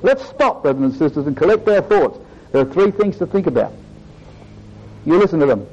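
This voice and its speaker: A man's voice: a little high, lively intonation, a little fast, long pauses, a little mellow. A man preaching a sermon to his congregation, earnest and emphatic, often addressing them as brothers and sisters. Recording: dull lo-fi recording.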